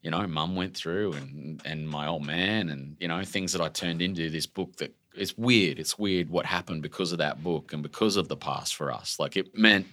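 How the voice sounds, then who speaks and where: Aussie guy in his 40s, low voice but bright and punchy, animated storyteller, gets emotional, chatty slang. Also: moderate pace, hardly any pauses, no echo. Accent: Australian. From Australia. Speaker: author guest. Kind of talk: casual interview conversation.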